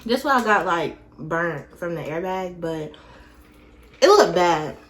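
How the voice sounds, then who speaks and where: A woman's voice: on the low side, lively intonation, takes it slowly, a bit bright. Young woman telling a casual storytime. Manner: chatty, retelling with lots of fillers. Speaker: vlog host.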